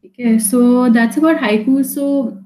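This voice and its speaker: A woman leads an online poetry lesson in a loose, chatty way, restarting words and asking "right?" again and again. Her voice is mellow and soft-edged. She sounds like she is in an echoey room. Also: fairly high pitch, fairly even intonation, unhurried. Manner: chatty, with many fillers and restarts; checks in with "right?" often. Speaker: poetry teacher. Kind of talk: live online class.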